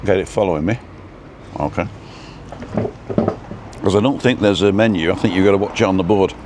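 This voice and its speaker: A low-voiced man hosts a relaxed live stream outdoors at a roadside food stop. He rambles and greets viewers by name. Faint traffic and building work can be heard behind him. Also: brisk. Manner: rambling, reads out viewer names. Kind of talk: casual live-stream chat.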